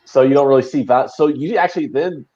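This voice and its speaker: Male co-host, mid-pitched voice, muffled lo-fi sound, blunt and teasing. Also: fast talker, mellow. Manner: teasing, ribbing co-hosts, blunt. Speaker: sports betting show co-host. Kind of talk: casual live game chat.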